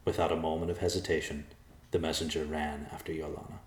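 Deep-voiced male audiobook narrator. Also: flat delivery, quick pace. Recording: echoey room.

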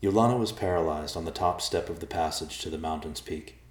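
A male narrator reads a storybook chapter in a steady, measured way. His voice is very deep, and the recording has a roomy echo. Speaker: audiobook narrator.

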